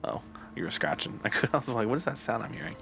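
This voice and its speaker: A man's voice: fairly low pitch, expressive, fast, gravelly, noisy background. A young man streaming a video game, chatting casually and joking with his cat. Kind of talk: casual live-stream chat.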